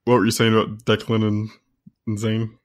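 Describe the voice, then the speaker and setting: A man chatting on a podcast with eager enthusiasm, often breaking into laughter. His voice sits a little low. His delivery stays loose and conversational. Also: completely flat delivery, moderate pace. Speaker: podcast co-host. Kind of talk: casual chat.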